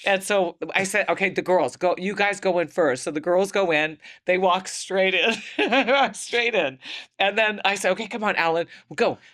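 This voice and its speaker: Bright-voiced woman telling a lively story. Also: medium pitch, normal speed. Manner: acts out quoted voices, laughs often. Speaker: podcast host. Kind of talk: animated storytelling.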